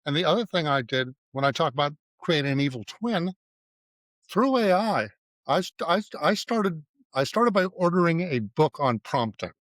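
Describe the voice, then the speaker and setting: A man's voice: a little high, big pitch swings, moderate pace, a bit bright, no echo. Man telling anecdotes in dry close sound. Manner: anecdotal, acts out dialogue in quotes. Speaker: guest, advertising writer and creative director. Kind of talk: casual interview storytelling.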